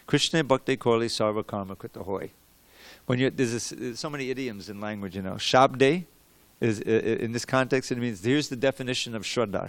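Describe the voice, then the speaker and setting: A man's voice: mid-range voice, dry recording. An older man giving a devotional scripture class in a temple room, talking in a loose, conversational way with restarts, chanting verses and drilling pronunciation.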